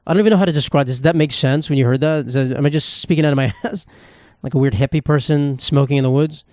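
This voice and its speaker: A man talks alone on his podcast with a smooth, slightly high voice, rambling and swearing as he mocks himself. He records on a phone in a dry space with no room echo. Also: fast, darkish tone. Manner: rambling, profane, self-mocking storytelling. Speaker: podcast host. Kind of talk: casual solo monologue.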